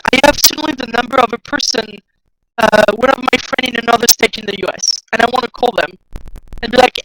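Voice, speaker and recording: Rambling young woman with a higher voice. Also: a bit bright, dry recording, poor audio. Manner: rambling and self-deprecating, acting out both sides of her stories. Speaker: livestreamer. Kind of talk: casual storytelling to a live chat.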